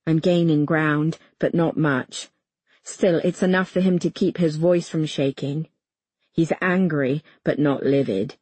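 A woman's voice: deep voice, steady tone, a little slow, a little mellow, husky, dry recording. Woman narrating a tense audiobook. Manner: tense, urgent storytelling with voiced dialogue. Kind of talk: first-person fiction narration.

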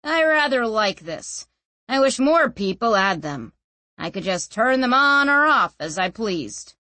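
A woman's voice: fairly high pitch, very animated, unhurried, pushed and bright, no echo, full character voice. A woman voicing a cruel, sadistic male captor who mutters and speaks savagely, in a storybook reading. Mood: gloating.

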